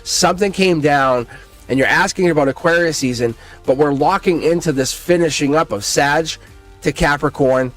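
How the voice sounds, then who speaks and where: A man hosting a casual live-stream tarot reading, excitable, laughing often and swearing freely. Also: fairly high pitch, moderate pace, soft background music.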